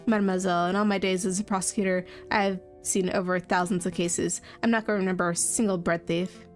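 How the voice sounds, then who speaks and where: A woman's voice: on the low side, fairly even intonation, fast, natural voice. Woman reading as a smug rooster prosecutor, haughty and talking down, faint music behind. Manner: haughty, condescending.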